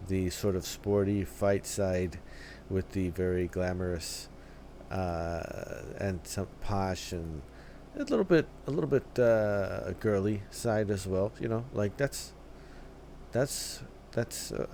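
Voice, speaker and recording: A man hosting a reaction video, talking casually in halting phrases with many fillers and restarts, often tagging "right?" and "dude.". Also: sits low, level tone, mellow, a little hiss or hum.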